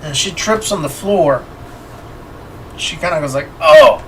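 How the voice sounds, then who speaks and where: A man narrating as game master of a tabletop horror game, unhurried and filling pauses with fillers. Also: a little high, fairly bright tone, recorded from a distance, slight background noise, rough recording.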